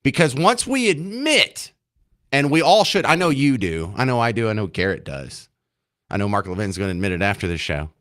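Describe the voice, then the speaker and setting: A man's voice: mid-range voice, sing-song, fairly quick, a bit bright. A man hosting a talk radio show, delivering a sarcastic, combative opinion monologue from a studio.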